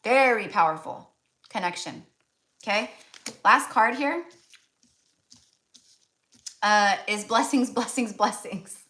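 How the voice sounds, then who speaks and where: A woman's voice: medium pitch, slow pace, long pauses, fairly bright tone. An American woman giving a casual tarot reading, chatty and full of fillers and restarts. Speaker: tarot reader.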